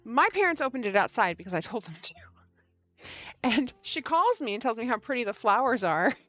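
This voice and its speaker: A woman's voice: a little high, fairly quick, no room sound. A woman hosting a knitting livestream, chatting casually and telling stories with lots of laughter. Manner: animated storyteller, laughing often.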